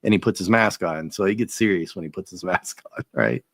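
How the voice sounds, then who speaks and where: A man in a casual comic review, relaxed, paraphrasing panels with chuckles. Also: sits low, brisk, gravelly, dry recording, clean studio sound. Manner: laid-back, paraphrases dialogue with chuckles.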